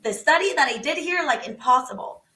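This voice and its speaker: Woman guest, high, sharp voice, acts out dialogue, roomy sound from a distance. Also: lively intonation, fairly quick. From Venezuela. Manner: acts out both sides of conversations, exclaims. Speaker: podcast guest. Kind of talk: animated storytelling.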